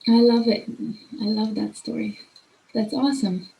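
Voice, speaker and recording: A woman's voice: on the high side, level tone, normal speed, creaky, dark tone, echoey room, rough recording. A young woman with a non-native command of English hosting a casual mentoring workshop, effusive and chatty with many fillers. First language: not English. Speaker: host of a mentoring clinic. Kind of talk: casual online workshop talk.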